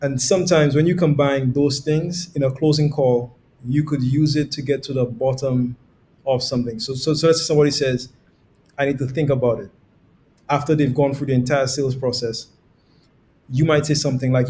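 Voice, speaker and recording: Male sales coach, mid pitch, slight rumble behind, animated with quoted examples. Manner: demonstrates tones with quoted examples, laughs easily. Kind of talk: conversational podcast explanation.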